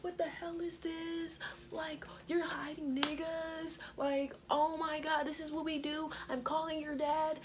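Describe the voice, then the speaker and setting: Woman doing a high, shrill, fuming mother catching teens red-handed. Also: level tone, unhurried, background noise. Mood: furious. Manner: shrill, outraged yelling. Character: furious middle-aged mother scolding teens.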